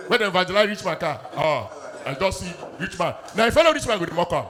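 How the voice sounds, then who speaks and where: A man with a Nigerian Pidgin accent doing an animated stand-up set, acting out his bits loudly. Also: high voice, a little fast. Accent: Nigerian Pidgin English. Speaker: stand-up comedian.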